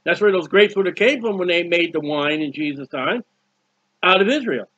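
A man's voice: sits high, lively intonation, moderate pace, a bit bright, dry recording. A man preaching a fervent sermon, with many restarts and repeated words. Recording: dull lo-fi recording.

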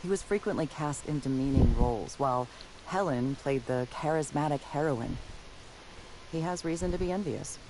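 A man voicing a deadpan formal detective robot. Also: on the high side, moderate pace, noisy background, natural voice. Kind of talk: video game dialogue.

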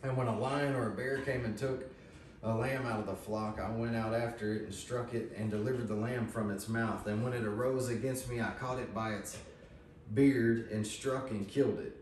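A male pastor delivers a casual, folksy sermon, retelling scripture in plain talk. His voice sits at a middle pitch. It reaches the mic from across an echoey church, with faint room hum behind it. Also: steady tone, normal speed, recorded from a distance. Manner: folksy, conversational preaching with paraphrased quotes. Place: church sanctuary.

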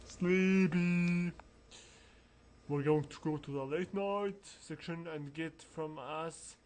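A man's voice: fairly high pitch, steady tone, slow, a little mellow. A man giving casual, rambling commentary over a role-playing game walkthrough, mumbling through asides. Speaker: let's play narrator.

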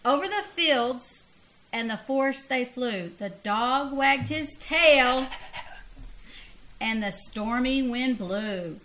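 A woman's voice: high-pitched, slow pace, slight background noise. A grandmother reading a children's storybook aloud expressively, laughing and leaping up on the cries. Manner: expressive, laughing, big vocal jumps on cries.

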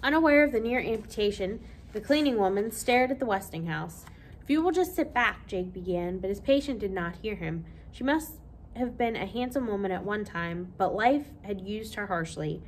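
Woman librarian, reading aloud to kids, expressive, mid-pitched, faint background hiss. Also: normal speed. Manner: expressive, lively storytelling. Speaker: children's librarian. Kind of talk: reading a children's novel aloud.

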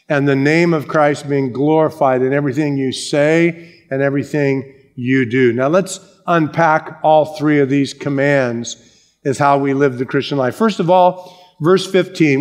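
A male pastor preaching a sermon, emphatic, with shifting pace. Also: on the high side.

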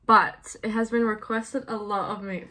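A woman's voice: medium pitch, little pitch movement, moderate pace, sharp tone. A woman singer chatting casually and poking fun at herself, laughing often. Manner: self-mocking, giggly, chatty. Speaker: singer doing a cover. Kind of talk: casual chat. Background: backing music.

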